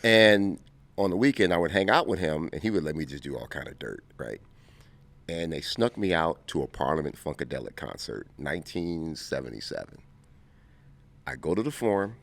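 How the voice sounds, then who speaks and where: A man in his fifties from Compton, telling stories as an interview guest, animated and quick to laugh. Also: a bass voice, gravelly. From Compton, California. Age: 50s. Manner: animated, laughing storyteller who acts out scenes. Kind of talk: casual interview storytelling.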